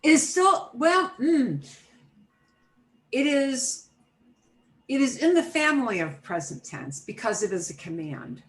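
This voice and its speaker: A woman's voice: sits high, very animated, unhurried, long pauses, rough recording. A middle-aged woman teaching an online Spanish class, explaining grammar patiently step by step with everyday examples over a video call.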